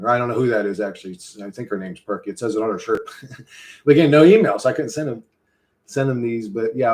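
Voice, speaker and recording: A man's voice: medium pitch, a little mellow. A man streaming live, chatting casually and rambling with lots of swearing and laughter. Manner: rambling, profane, laughs often. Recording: echoey room.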